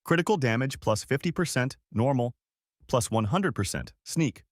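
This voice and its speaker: A man reading out a game system voice, flat machine announcer listing notices one by one, neutral and steady, close dry sound with no room at all. the pitch still moves a fair bit between items. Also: normal speed, no echo, natural voice. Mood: announcing.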